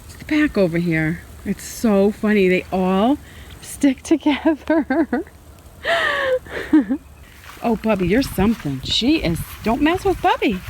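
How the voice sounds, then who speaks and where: A woman's voice: a little high, big pitch swings, slow, slight background noise. A woman filming her pets on a homestead, talking to them in a doting, laughing way. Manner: doting, laughing, sing-song praise. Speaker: homestead vlogger. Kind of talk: casual talk to pets while filming.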